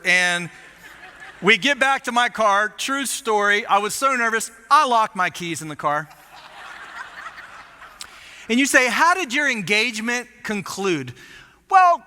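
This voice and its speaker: A man preaching as lead pastor, telling a story in an animated, self-mocking way. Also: sits high, normal speed, clear, resonant tone. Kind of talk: storytelling sermon. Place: church auditorium. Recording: long hall reverb.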